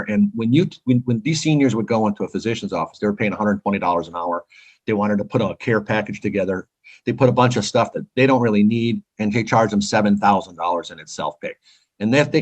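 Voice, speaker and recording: A man from California, a company founder, giving eager, talkative answers in a casual interview. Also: poor audio. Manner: eager, talkative salesman pitch.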